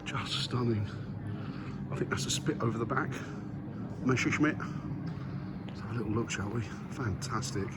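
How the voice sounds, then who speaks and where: A man's voice: mid-range voice, moderate pace. Chatty man vlogging in a museum. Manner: enthusiastic, chatty, talks to viewers while walking. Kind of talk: casual vlog commentary. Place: museum grounds and aircraft halls. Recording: noisy background ambience.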